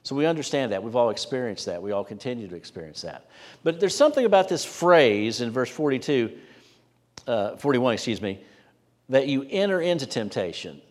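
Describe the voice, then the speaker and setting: A man delivers a sermon in an earnest, conversational manner, his voice sitting at an ordinary middle pitch for a man. His sentences often sink softly at the close. The recording carries the long reverb of a church sanctuary. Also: very animated, fairly quick. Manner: earnest, conversational preaching with soft drops at line ends. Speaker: pastor.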